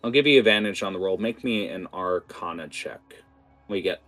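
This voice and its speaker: Deep-voiced man running a tabletop game. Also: fairly quick, fairly bright tone, soft background music. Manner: hesitant, many fillers. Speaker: game master.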